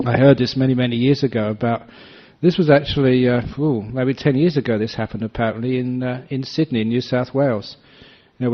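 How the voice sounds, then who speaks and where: Storytelling monk on a dull recording. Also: male voice, medium pitch. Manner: anecdotal storytelling, often laughing. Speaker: Buddhist monk. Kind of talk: dharma talk.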